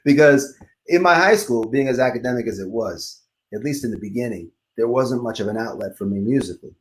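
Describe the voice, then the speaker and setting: In a casual conversation, a Queens-born musician in middle age shares stories with plenty of laughter, his New York accent now faded. He speaks briskly in a medium-pitched, animated voice.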